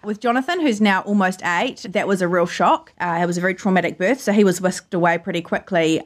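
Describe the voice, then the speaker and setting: Speaking briskly in a fairly low voice, a woman journalist from New Zealand tells emotional, earnest personal stories as a guest in a remote interview from her home.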